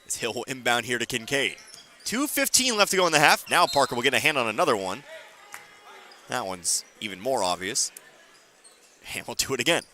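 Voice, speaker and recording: A man calling high school basketball play-by-play for radio, with a bright, forceful voice. He rattles off passes and scores, then drops wry comments between plays. Faint gym noise and bouncing balls sit behind him. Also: big pitch swings. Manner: quick play-calling with dry asides. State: hiccuping. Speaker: play-by-play announcer.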